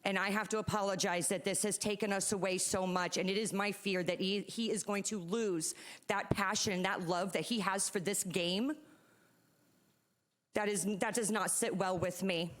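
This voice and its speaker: Mom at a city meeting podium trying hard not to get emotional, earnest, middle-pitched voice. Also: female voice, fairly even intonation, moderate pace. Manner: earnest, holding back emotion. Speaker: parent and youth soccer club staff speaking at public comment. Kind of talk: emotional public comment. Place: city commission meeting chamber.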